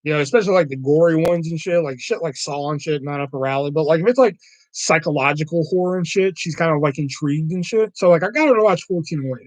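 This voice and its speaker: A man's voice: fairly high pitch, fast talker, no room sound, low-quality recording. A man hosting a casual livestream, rambling and swearing freely, with lots of filler words as he tells stories. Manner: animated storyteller. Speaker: livestream host.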